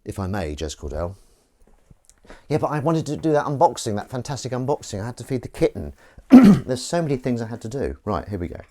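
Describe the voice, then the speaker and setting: Outdoors in the wind, a livestream host rambles casually and mocks himself while trying out a gadget. His medium-pitched voice is very animated, fairly quick and mellow.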